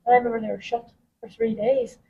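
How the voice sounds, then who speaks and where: A woman with a Northern Irish accent chatting casually, with quick interjections and dry humor. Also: fairly high pitch, fairly even intonation, gravelly, warm tone, slight background noise. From Northern Ireland. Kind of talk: casual group chat. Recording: dull with voices behind.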